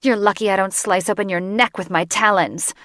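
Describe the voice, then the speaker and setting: A woman's voice: fairly even intonation, fairly quick, a bit bright, no room sound, studio quality, natural voice. A woman voicing a haughty, spiteful female griffin shifter who sneers and shrieks her lines. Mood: sneering. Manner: sneering, shrill and venomous.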